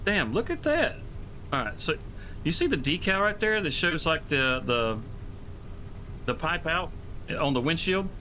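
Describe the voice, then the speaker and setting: Man, streamer, casual chat, excitable, rambling, swears, bright tense voice. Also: a little high, measured pace, long pauses, slight background noise.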